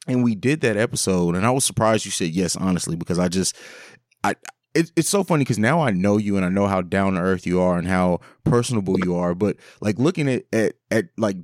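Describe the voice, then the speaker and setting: Low-voiced earnest man podcast host. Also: a little mellow, no echo, studio quality. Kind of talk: casual podcast chat.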